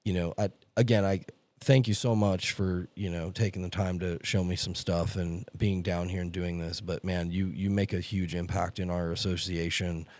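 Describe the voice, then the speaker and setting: A man hosting a podcast, excitable and chatty, often cutting in and saying "dude". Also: sits low, normal speed. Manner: excitable, talks over guest, says dude. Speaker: podcast host. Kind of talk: casual chat.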